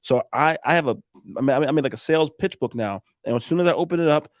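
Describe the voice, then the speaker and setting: A man's voice: fairly high pitch, fast, no room sound, studio quality. A man, a roofing contractor telling sales stories in a casual interview, acting out both sides of conversations and swearing freely.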